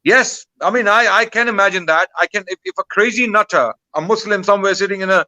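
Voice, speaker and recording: A man's voice: high voice, quick pace, bright, forceful tone, dry recording, rough recording. A man giving impassioned commentary as a guest, indignant and full of rhetorical questions.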